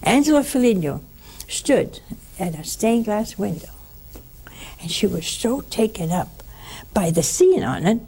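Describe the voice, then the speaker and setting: A woman giving a spiritual teaching in an easy, conversational way, breaking off to speak straight to her listeners. Her voice is gravelly and dark, with a husky edge. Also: mid-range voice, a little slow, long pauses. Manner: lively storyteller with asides to listeners.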